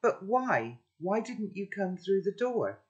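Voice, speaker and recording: A man's voice: big pitch swings, slow, highs cut off, heavily acted. A man reading aloud and voicing a young girl who is startled but stands up for herself in short, pointed questions. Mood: indignant. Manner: high, questioning, defiant.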